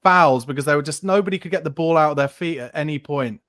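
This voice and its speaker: A male podcast host in casual football chat who breaks the match down in long, analytical stretches and drops the odd swear word. His voice sits a touch high and sounds dry and close to the mic. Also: fast talker, a bit bright, no room sound.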